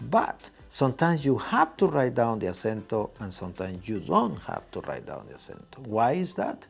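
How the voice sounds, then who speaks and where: Man with a lively teaching voice. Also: medium pitch, gravelly. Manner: patient, repeats key points with "right?". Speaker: Spanish teacher. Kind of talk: explanatory lesson.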